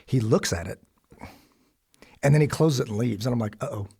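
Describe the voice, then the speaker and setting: A man from the United States telling a personal story in a conversation, animated and acting out the voices of others. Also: mid-range voice, moderate pace, creaky, slightly rough. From Kansas City, USA. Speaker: podcast guest.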